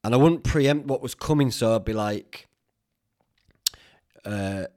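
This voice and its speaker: A man's voice: medium pitch, moderate pace, a little mellow, dry recording, clean studio sound. A man hosting a podcast, rambling along in casual chat, joking at his own expense and swearing freely. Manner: chatty, self-mocking, swears freely. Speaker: podcast host.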